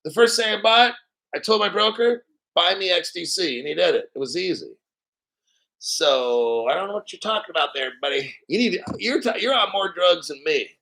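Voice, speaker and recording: Hyped up cursing crypto guy on a livestream, high bright voice, keeps clearing his throat. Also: normal speed, low-quality recording. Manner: excitable, profane, hyped. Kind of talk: live-stream commentary.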